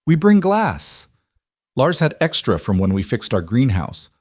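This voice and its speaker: A brisk, stern old farm wife with a Norwegian accent, put on by a male narrator. She speaks in short, blunt broken English. The sound is dry and close. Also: mid-range voice, huge pitch swings, a little mellow, no echo, pitched above the performer's own voice. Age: older.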